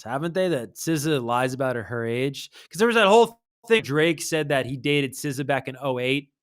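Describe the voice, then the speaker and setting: A man's voice: mid-range voice, fairly bright tone, no echo, clean studio sound. A man hosting a casual music livestream, reading posts aloud and adding wry asides.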